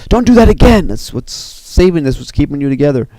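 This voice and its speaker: A determined young clay warrior hero, voiced by a man retelling an animated story, earnest and urgent. His gravelly voice is pushed up higher than the teller's own. It is recorded close and dry. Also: normal speed, no room sound.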